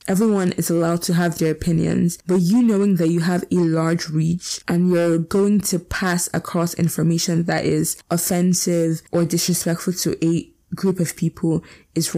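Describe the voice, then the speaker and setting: Blunt, swearing teenage girl with gravelly voice. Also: on the low side, warm tone. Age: teens. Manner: blunt, profane, ranting. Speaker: vlogger. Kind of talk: casual opinion rant, reacting to statements.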